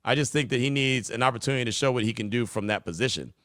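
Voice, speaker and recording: A man's voice: medium pitch, very fast, dry recording, clean studio sound. Laid-back male sports podcast host. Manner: relaxed, conversational, many fillers. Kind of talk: casual call-in show talk.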